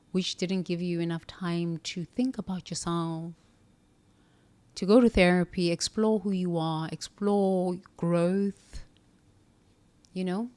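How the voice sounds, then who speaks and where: A woman's voice: lowish voice, darkish tone. Brief: earnest woman self-help speaker, coaching tone, asks and answers her own questions. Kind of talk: reflective motivational monologue.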